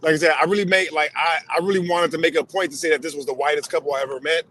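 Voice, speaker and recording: Podcast host, a man from Los Angeles with a slightly raised pitch, loose and profane, rambling with lots of fillers. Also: fairly even intonation, rapid-fire, fairly bright tone, slight background noise. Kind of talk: casual chat.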